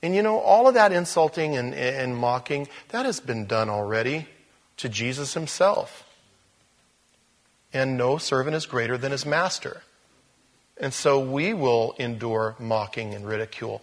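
A man with a husky, slightly breathy voice preaches a sermon. He is animated and talks straight to his congregation, often doubling back on his words as he presses a point. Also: mid-range voice, measured pace. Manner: animated, repeats words, speaks to the crowd directly. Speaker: pastor.

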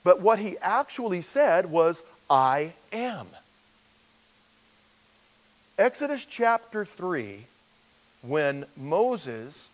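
A man's voice: fairly high pitch, rough recording. A man as pastor, teaching a verse-by-verse sermon in a conversational way and acting out the voices he quotes.

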